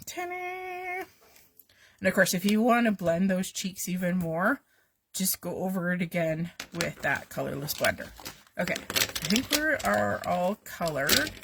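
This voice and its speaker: Hoarse, creaky-voiced woman. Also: fairly low pitch, expressive, moderate pace, fairly bright tone, slight background noise. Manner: talks to viewers while she works, with little asides. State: losing her voice. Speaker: craft demonstrator hosting a live stream. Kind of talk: chatty live craft demonstration.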